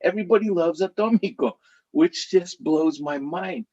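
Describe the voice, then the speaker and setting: A middle-aged man telling stories to a live audience in an animated, chatty way, laughing now and then as he talks. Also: high-pitched, moderate pace, muffled recording. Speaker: author.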